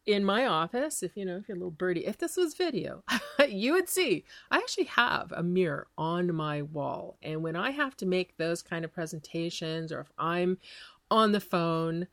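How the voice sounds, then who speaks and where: A chatty woman hosts a small business podcast and gives advice at a brisk clip. Her voice sits a little low for a woman. The sound is close and dry, with no room echo. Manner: lively, chatty, quick-talking with laughs.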